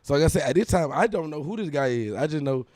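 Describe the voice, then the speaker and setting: A young man, a guest musician, telling an animated story in a casual interview, full of profane street slang. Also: fairly high pitch, fast talker, no room sound.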